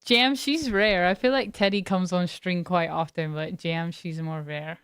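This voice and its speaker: A woman's voice: on the low side, a little slow, fairly bright tone, clean tone, no room sound, studio quality. A woman streamer chatting casually with her live viewers, laid-back and giggly, greeting people by name. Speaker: game streamer.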